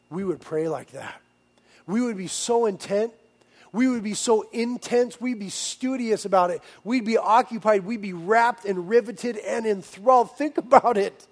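A male pastor in his thirties delivers a sermon in a noticeably high voice. He talks emphatically, building to loud, urgent stresses and then pulling back to quiet, intimate asides. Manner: emphatic, swings between loud urging and hushed intimacy.

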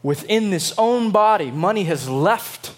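High-pitched emphatic preacher. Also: male voice, lively intonation, a little slow. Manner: dramatic, emphatic preaching with acted-out quotes. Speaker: pastor. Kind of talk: sermon.

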